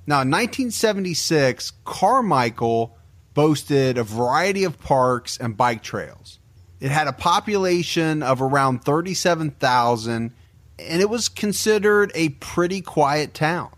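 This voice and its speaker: A man's voice: on the high side, animated, fairly bright tone, no room sound. Grave male true-crime narrator, dry close sound. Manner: measured, grave. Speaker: podcast host.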